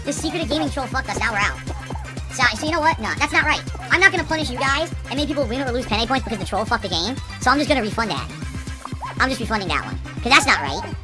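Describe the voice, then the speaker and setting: A woman streamer playing a game live, excitable, yelping and swearing as she reacts. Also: high voice, quick pace, over music.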